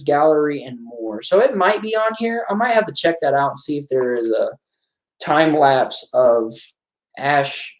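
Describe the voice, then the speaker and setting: A man giving casual watch-along commentary on a horror film, chatting and reacting aloud to the scenes. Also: on the high side.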